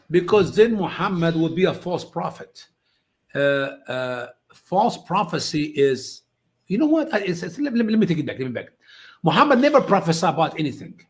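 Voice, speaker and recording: Emphatic man, high voice, English. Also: sing-song, moderate pace. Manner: non-native English, emphatic, acts out quoted voices high. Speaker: guest answering questions. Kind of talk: animated storytelling answers.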